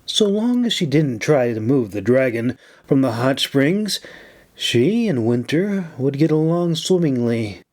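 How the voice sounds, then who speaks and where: Male audiobook narrator, mid pitch, slow and measured, steady read. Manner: measured, unhurried reading.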